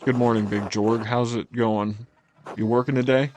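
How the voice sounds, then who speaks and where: A man's voice: mid-range voice, steady tone, moderate pace, darkish tone, a little hiss or hum, close to an everyday voice. A man reading the lines of a witty, pleasure-loving young male artist in a video game, plainly. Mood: wry.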